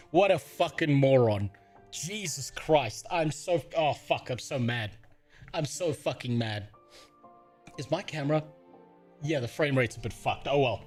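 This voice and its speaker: A man's voice: fairly high pitch, normal speed, faint music behind. A man from Africa, livestreaming and ranting in casual, profane, exasperated talk. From South Africa.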